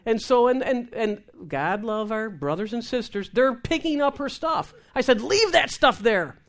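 A woman minister telling a lively testimony in conversation, acting out the voices of the people in her story and laughing as she goes. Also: a little high, normal speed. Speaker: Christian minister. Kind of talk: testimony talk show conversation.

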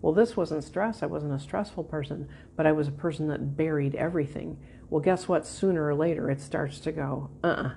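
A woman with a low, gravelly voice gives a Christian teaching session. She tells a personal story in a relaxed, mellow way, with soft laughs along the way. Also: a little fast, few pauses, slight background noise.

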